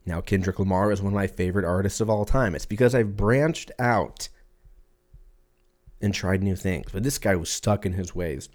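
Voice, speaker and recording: In a low, slightly mellow voice at a moderate pace, a podcast host rambles through a casual anecdote. He swears freely and takes on other people's voices when quoting them.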